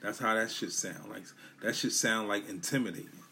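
A man's voice: lowish voice, moderate pace, pushed and bright, a little hiss or hum. A man hosting a solo podcast in loose, emphatic, profane street talk. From Brooklyn, New York. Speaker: podcast host. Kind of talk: casual solo podcast monologue.

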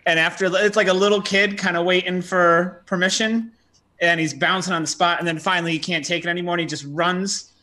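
A man's voice: high-pitched, fairly even intonation, brisk, bright, forceful tone. A man playing a tabletop game, describing his character's actions in a rambling way. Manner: rambling, many fillers. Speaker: player.

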